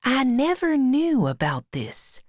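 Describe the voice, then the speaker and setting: Storybook girl, small, shy and easily tearful, high and light, slow and lilting as a woman reader puts her on. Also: wildly swooping pitch, no echo, clean studio sound, exaggerated voice. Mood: sweet.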